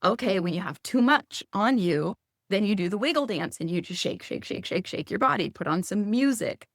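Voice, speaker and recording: A woman in her thirties speaking casually as a guest, chatty and animated, acting out quoted lines in a higher voice. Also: normal speed, dry recording, clean studio sound. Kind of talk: casual conversational advice.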